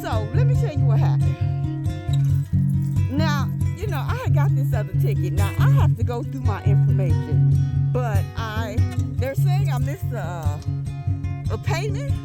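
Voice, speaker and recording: A woman's voice: high voice, unhurried, pauses often. Fired-up woman ranting over music. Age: middle-aged. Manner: animated, heated and rambling. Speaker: vlogger. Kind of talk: casual vlog rant. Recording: loud music bed behind voice.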